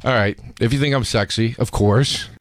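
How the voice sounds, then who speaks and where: A man chatting casually as a podcast host, spinning loose stories full of swearing. He jumps into other people's voices when he quotes them. His voice sits at an ordinary pitch, recorded close and dry. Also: normal speed, dry recording. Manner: swearing, storytelling, animated quoting. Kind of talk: casual chat.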